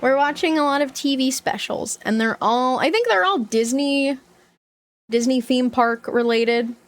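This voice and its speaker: Young female streamer, bubbly and giggly, unhurried talk, slightly high voice. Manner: bubbly, greets chat by name, giggly. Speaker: livestreamer. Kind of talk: casual stream chat.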